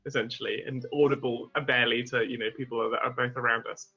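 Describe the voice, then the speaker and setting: A man's voice: mid-range voice, little pitch movement, fast talker, creaky, pushed and bright, breathy edge, lo-fi sound, soft background music. A man playing a tabletop game, describing his character's actions in a profane, laughing, rambling way. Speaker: player.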